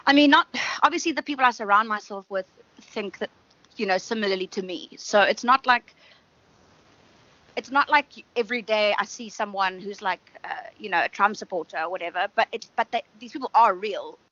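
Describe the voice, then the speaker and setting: A woman's voice: mid-range voice, brisk, bright, forceful tone, muffled recording. A woman musician guest telling blunt, profane stories in casual chat.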